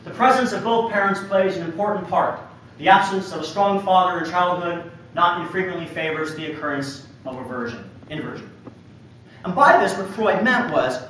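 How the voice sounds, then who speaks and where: A man's voice: high-pitched, fairly bright tone, slight background noise. A male university lecturer giving a public lecture, telling history with emphatic storytelling and a pointed sense of humor. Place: large lecture hall. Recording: echoey hall from far off.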